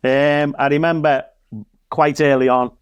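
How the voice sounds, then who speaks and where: A man from Liverpool with a Liverpool accent, a guest comedian and minister telling a lively anecdote and acting out dialogue. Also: a little high, unhurried, smooth, no echo, muffled recording. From Liverpool, England. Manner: lively storyteller, acts out dialogue. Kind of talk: casual anecdote.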